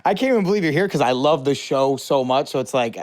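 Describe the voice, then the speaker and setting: A man hosting a casual podcast chat, reacting quickly and with enthusiasm. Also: mid-range voice, expressive. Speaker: podcast host.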